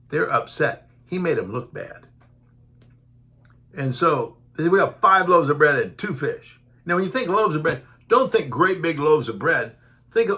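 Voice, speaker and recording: Animated gravelly male preacher. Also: medium pitch. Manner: reads verses then retells them in folksy everyday speech; animated, acts out the disciples' voices. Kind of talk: Bible teaching sermon.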